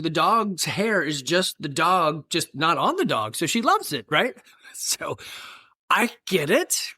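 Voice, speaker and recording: A man's voice: high voice, pushed and bright. Middle-aged guy hosting his podcast solo, folksy and rambly, pokes fun at himself. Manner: rambling, folksy and self-deprecating, with asides and laughs. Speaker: podcast host and gym owner. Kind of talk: casual solo podcast talk.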